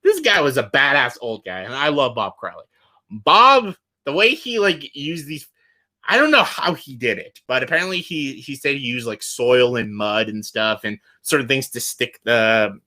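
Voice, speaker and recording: Casual vlog guy, bright punchy voice, swears a lot, says like and uh constantly, real excited. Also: mid-range voice, normal speed. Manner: enthusiastic, blunt, swears freely, many fillers. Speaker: YouTuber ranking show winners.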